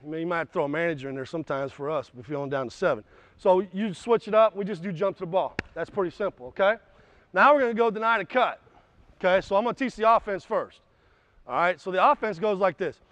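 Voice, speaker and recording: A man's voice: high-pitched, fast talker. A man coaching a basketball clinic, blunt and a bit profane, explaining drills and barking short commands at players in a gym. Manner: barks short commands, shouts during drills. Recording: dull, slightly lo-fi sound.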